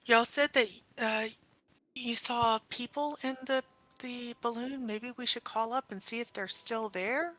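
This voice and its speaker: A woman's voice: fairly high pitch, a little slow. An American woman playing a tabletop game, chatty and casual, talking to her party in character. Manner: chatty and bright, says y'all. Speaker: player.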